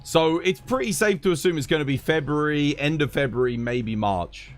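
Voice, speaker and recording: A man's voice: a little high, normal speed, hardly any pauses, no echo, soft background music. A British man hosting his own live stream, chatting casually, laughing and swearing freely from his home streaming setup.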